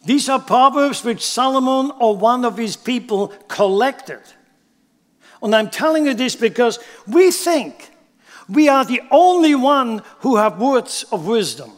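High-voiced man preaching in a reverberant hall. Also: expressive, unhurried. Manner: emphatic, asks the congregation rhetorical questions. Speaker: pastor. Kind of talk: sermon.

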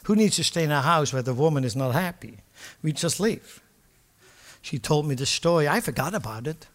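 An older man preaching a sermon with passion, moving from quiet asides to loud declarations. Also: fairly high pitch, animated, normal speed. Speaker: pastor. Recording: long hall reverb.

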